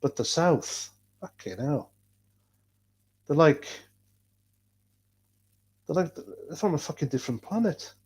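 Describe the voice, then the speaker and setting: A man's voice: on the high side, big pitch swings, slow, pauses often, darkish tone, breathy edge. A man from North Wales with a North Welsh accent, chatting casually on a livestream, blunt and rambling, swearing freely. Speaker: livestream host reading chat.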